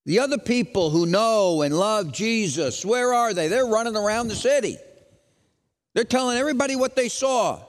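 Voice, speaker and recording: A man preaching an Easter sermon as pastor, dramatic, moving from loud questions to hushed lines. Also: sits high, expressive, moderate pace, in a large hall.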